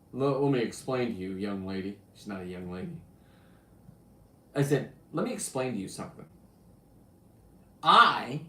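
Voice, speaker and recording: In an echoey room, a medium-pitched male host spins profane diving tales, boastful and brash. His voice lurches from loud outbursts to muttering as he tells them casually.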